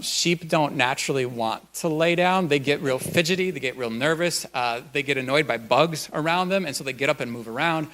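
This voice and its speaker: A man's voice: medium pitch, fairly bright tone. Folksy, conversational male pastor. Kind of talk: sermon. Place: church.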